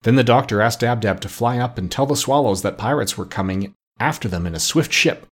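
A man reading a children's story aloud as an audiobook narrator, with steady storytelling. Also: mid-range voice, brisk, breathy edge. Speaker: audiobook reader. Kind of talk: scripted narration.

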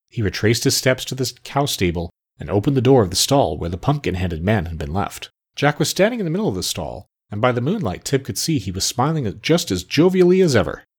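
A man narrating a children's storybook with an expressive, animated reading. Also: medium pitch, fairly quick, few pauses, slightly rough.

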